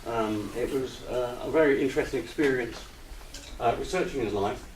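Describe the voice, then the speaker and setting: A man giving a slide presentation to an audience, hesitant with many ums, relaxed and gently humorous. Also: mid-range voice, normal speed. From United Kingdom. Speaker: lecturer. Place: retreat lecture room with audience. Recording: roomy echo, distant mic, faint hiss.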